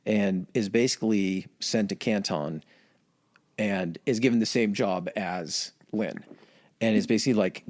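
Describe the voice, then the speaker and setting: A man's voice: fairly low pitch, a little slow, darkish tone, no echo, studio quality. A man co-hosting a casual, comedic history podcast, profane and conversational. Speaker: podcast co-host.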